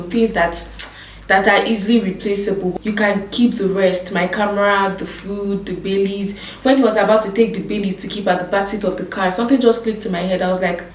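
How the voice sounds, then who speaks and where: A woman's voice: medium pitch, roomy sound, far from the mic, a little hiss or hum, low-quality recording. A young woman telling a dramatic story to her viewers, acting out what people said. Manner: animated storytelling, acts out quoted voices. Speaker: vlogger. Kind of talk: storytime vlog.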